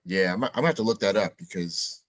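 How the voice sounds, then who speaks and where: A man's voice: low-pitched, fast, no room sound. A man co-hosting an interview in casual chat, reacting with short exclamations and asking questions. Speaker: co-host.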